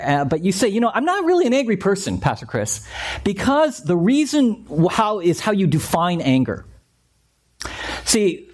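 A man preaching a sermon as a pastor, animated and conversational, acting out the voices he quotes. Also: fairly high pitch. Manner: animated, acts out quoted voices, repeats points.

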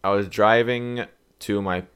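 Young man, lowish voice, casual storyteller, slangy, acts out dialogue. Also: unhurried, clean tone. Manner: rambling, animated retelling with acted-out quotes; swearing, slangy. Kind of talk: casual chat.

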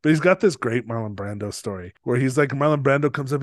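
A man's voice: medium pitch, fast, no echo. Dry-voiced man telling a story. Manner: animated, acts out quoted people, laughs often. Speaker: podcast co-host. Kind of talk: casual storytelling chat.

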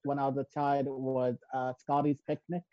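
A man in a casual group chat, talking hesitantly with many pauses and fillers. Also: medium pitch, little pitch movement, warm tone, dry recording. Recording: dull lo-fi sound.

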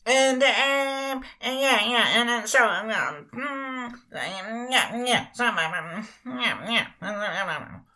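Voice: medium pitch, takes it slowly, sharp tone. A vlogger chatting casually to camera, rambling and playful. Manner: rambling, lots of fillers and restarts, playful.

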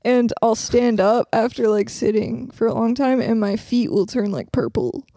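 A woman's voice: on the high side, expressive, moderate pace, dark tone, no echo, studio quality. A woman in her twenties co-hosting a casual comedy podcast, giggly and rambling as she jumps into bits. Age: 20s. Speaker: podcast co-host.

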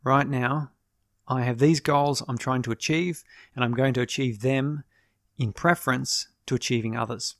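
A man's voice: mid-range voice, steady tone, moderate pace, a bit bright, no echo, clean studio sound. Thoughtful man musing on his podcast. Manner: thoughtful, explanatory, restarts and self-corrections. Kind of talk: casual reflective monologue.

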